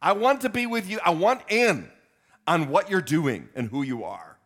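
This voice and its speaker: A man voicing an impulsive, earnest apostle who pleads and rises to high, excited calls. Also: unhurried. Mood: eager.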